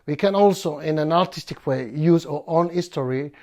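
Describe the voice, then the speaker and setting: A man from France with a French accent, hosting a bonsai video in a playful, halting way with many fillers. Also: on the high side, dark tone. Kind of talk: casual presentation.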